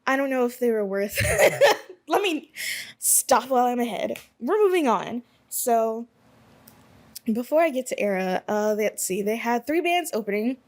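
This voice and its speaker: A woman's voice: fairly high pitch, sing-song, unhurried. Rambling, chatty woman podcaster from Alabama. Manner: rambling, chatty, self-correcting. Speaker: podcast host. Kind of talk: casual solo podcast monologue.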